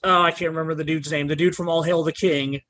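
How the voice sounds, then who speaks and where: A man hosting a podcast in casual chat, rambling and animated with lots of fillers and restarts. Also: a little high, fast talker. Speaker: podcast host.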